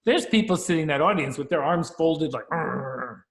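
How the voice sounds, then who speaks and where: A man's voice: a little high, animated, fast talker. A man co-hosting a podcast who asks questions in a friendly, chatty way. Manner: friendly and chatty, uses filler like "sort of" and "right?". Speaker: podcast co-host. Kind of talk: casual interview questions. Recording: roomy echo.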